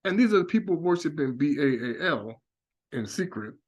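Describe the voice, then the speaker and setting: A man's voice: on the high side, sing-song, normal speed. A man giving an impassioned religious monologue, emphatic and preachy, repeating his warnings again and again. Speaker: religious speaker.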